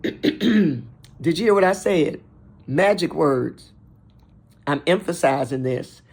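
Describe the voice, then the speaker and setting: An older woman hosting an inspirational talk show, speaking emphatically and repeating and listing words in a steady rhythm. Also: deep voice, takes it slowly, husky. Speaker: host.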